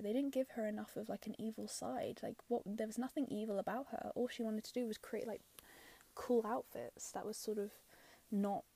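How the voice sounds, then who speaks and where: Chatty woman with a gravelly edge. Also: medium pitch, warm tone, no room sound. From London. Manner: chatty and opinionated, many fillers, drops into whispery asides. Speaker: film reviewer. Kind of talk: casual spoken film review.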